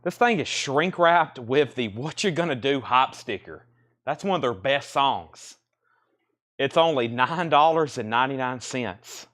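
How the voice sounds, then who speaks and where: A man's voice: mid-range voice, animated, a little slow, fairly bright tone. A man hosting a live online vinyl record sale, calling out lots and prices in casual auction patter and repeating the details. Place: record shop.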